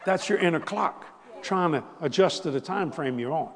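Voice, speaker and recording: A man preaching a storytelling sermon, chatty and laughing along, swinging between loud exclamations and hushed near-whispers. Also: a little high, lively intonation, moderate pace, big-room sound. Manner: conversational, laughs with the crowd.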